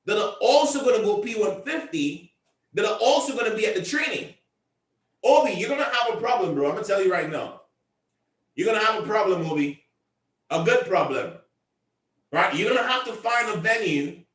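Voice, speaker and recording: A man's voice: sits high, lively intonation, normal speed, long pauses, reverberant, recorded from a distance. A man leading a convention call with a motivational pep talk. He hammers points home by repeating himself and often raises his voice. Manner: emphatic and repetitive, often raising his voice. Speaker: team leader addressing a convention call.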